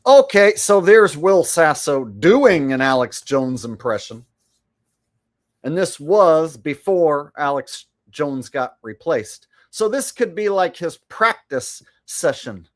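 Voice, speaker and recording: A man's voice: a little high, sing-song, slow. A man hosting a livestream, talking in a boastful, rambling way as he comments on clips. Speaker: livestream host. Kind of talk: casual stream commentary.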